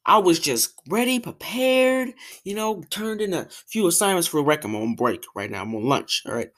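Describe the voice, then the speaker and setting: Exasperated young woman ranting, lowish voice. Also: moderate pace. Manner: exasperated, animated ranting with repeated fillers. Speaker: podcast host. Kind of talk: casual ranting monologue.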